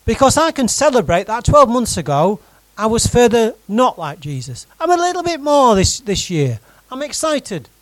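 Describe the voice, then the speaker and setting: A man preaching a sermon to his congregation in a conversational, animated way, often putting direct questions to the room. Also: very high-pitched, moderate pace, no echo, poor audio. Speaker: pastor.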